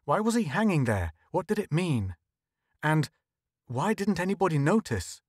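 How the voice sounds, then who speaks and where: A man narrating a story in a measured, even audiobook reading. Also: fairly high pitch, slightly rough, no room sound, studio quality. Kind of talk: scripted narration.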